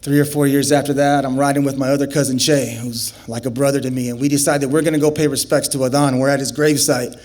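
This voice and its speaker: A man telling a comic story live on a festival stage, animated and acting out the scenes. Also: mid-range voice, fast.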